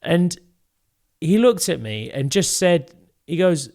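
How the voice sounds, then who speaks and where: A man's voice: on the high side, sing-song, slow pace, creaky, a little mellow. A young British man co-hosting a podcast, telling a personal story in an earnest, candid way. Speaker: podcast co-host. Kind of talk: casual podcast chat.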